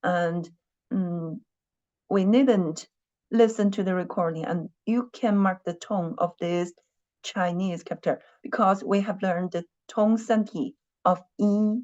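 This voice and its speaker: A woman's voice: lowish voice, steady tone, slow, a little mellow, highs cut off. A woman teaching a Chinese class online, patiently repeating her questions and humming while she thinks.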